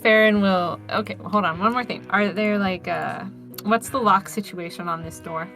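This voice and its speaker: A woman's voice: medium pitch, normal speed, bright, forceful tone, faint music behind. Chatty hesitant woman player. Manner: chatty, hesitant, filler-heavy questions. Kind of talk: casual tabletop play.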